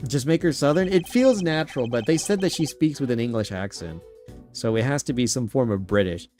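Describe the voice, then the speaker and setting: Man streamer, casual game commentary, animated pitch, chatty asides. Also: a little fast, soft background music. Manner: self-correcting, chatty asides.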